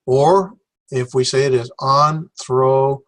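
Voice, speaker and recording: A man teaching a Greek class, lecturing slowly with many fillers and self-corrections. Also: medium pitch, fairly even intonation, a bit bright.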